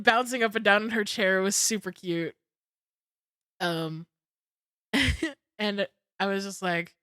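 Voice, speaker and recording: A young woman streamer telling a story in casual chat, excitable and swearing freely. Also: mid-range voice, slow pace, pauses often, clean tone, dry recording, clean studio sound.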